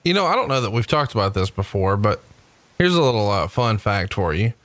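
A man hosting a podcast, telling stories in a chatty, animated way. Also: fairly low pitch, a little fast, no room sound. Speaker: podcast host. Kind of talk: casual chat.

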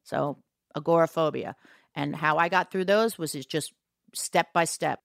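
A woman's voice: sits low, unhurried, creaky, no room sound, studio quality. A middle-aged woman, a singer talking frankly and reflectively as a podcast guest. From New York, USA. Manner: frank and reflective, plain-spoken. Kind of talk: candid podcast conversation.

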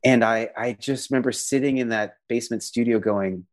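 A man's voice: mid-range voice, fairly quick, few pauses. A man, a visual artist being interviewed, talking about his work and faith in an earnest, reflective way, with many fillers and restarts. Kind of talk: conversational interview answers.

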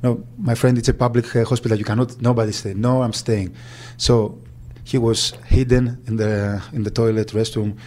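Soft-toned man recalling. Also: medium pitch, flat delivery. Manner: halting, searching for words. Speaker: agent. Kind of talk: interview recollection.

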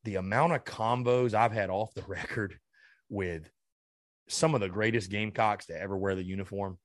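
A man hosting a sports podcast, furious and ranting, swearing and stammering as he vents, swinging between loud outbursts and low mutters. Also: fairly even intonation, moderate pace, dry recording, clean studio sound. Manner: heated and ranting, swearing, with many stammered restarts. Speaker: podcast host. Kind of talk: sports fan rant.

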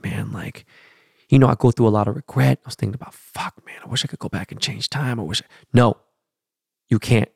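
A middle-aged man hosting a podcast, talking bluntly and profanely in a casual monologue that swings between loud and soft. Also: medium pitch, vocal fry, no room sound, clean studio sound. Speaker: podcast host.

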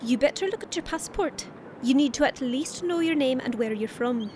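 A woman with an Irish accent, brisk and bossy in an audio drama. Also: high voice, lively intonation, a little mellow, slight background noise. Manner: brisk, bossy, keeps a partner on task.

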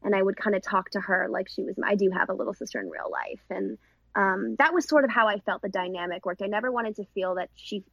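A woman filmmaker and actress speaking in a casual interview, rambling and warm with many restarts. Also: mid-range voice, expressive, quick pace, gravelly, no echo, muffled recording. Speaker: film director and actress.

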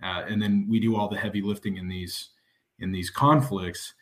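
A male veteran speaking on a podcast with a somewhat low voice. He is earnest and measured, and takes his time building each point. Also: fairly even intonation. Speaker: military veteran guest. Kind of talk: casual podcast discussion.

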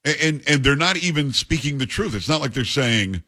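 Blunt, husky-voiced radio host, man. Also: on the high side, expressive, bright, forceful tone. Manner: blunt, opinionated, rapid asides. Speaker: radio talk show host. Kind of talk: talk radio monologue and call-in. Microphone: studio microphone.

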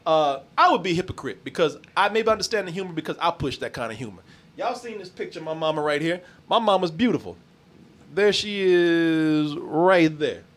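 High-voiced laughing man, loose and profane. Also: animated, fairly quick. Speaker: podcast host. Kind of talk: casual podcast chat.

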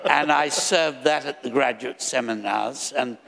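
A man's voice: mid-range voice, unhurried, vocal fry, a bit bright, in a large hall. An older man, a guest author speaking on a live stage with dry, wry humor. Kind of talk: live event speech.

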